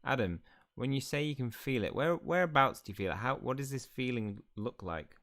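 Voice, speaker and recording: A man's voice: mid-range voice, lively intonation, a little fast, fairly bright tone. A man hosting a game channel, chatting playfully and reading game dialogue aloud as he plays. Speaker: gaming channel host. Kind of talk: casual let's play commentary.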